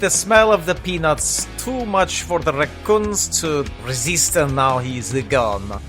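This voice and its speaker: A man's voice: medium pitch, normal speed, pushed and bright, soft background music. A man voicing a Soviet radio operator who poses as an American host, speaking in exaggerated broken English with a boastful announcer delivery. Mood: mock-announcer.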